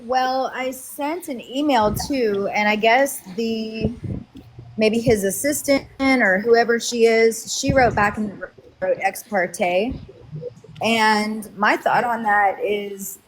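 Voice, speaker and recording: A woman's voice: on the high side, slow pace, slight background noise, poor audio. A woman in a casual group chat, explaining her views firmly. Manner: firm, opinionated explainer.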